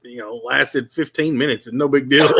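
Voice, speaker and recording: A man's voice: medium pitch, normal speed, gravelly, fairly bright tone, breathy edge. A man chatting casually on a live talk show, laughing easily. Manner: easygoing, laughs often. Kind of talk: casual chat.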